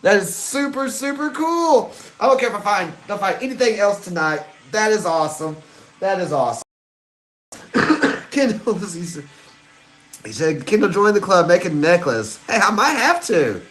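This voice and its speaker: A man, hosting a live stream and chatting excitedly with viewers. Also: sits high, moderate pace. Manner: excitable, giddy, chats to viewers. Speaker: livestream host hunting coins. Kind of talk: casual live-stream chat.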